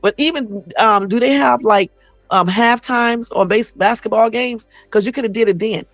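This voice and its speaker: A woman's voice: on the high side, moderate pace, no room sound. A blunt, sassy woman chatting live on her phone, cursing freely and talking straight to her viewers. The sound is dry and close, with faint music underneath. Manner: blunt, sassy, profane storytelling. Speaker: YouTube livestream host. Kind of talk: casual livestream chat.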